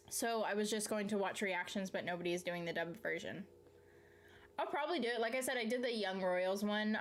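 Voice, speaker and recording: Reading out viewer comments on a live stream, a woman from the Southern United States answers them casually and ramblingly, cursing freely and breaking into laughter mid-sentence. She has a mid-range voice.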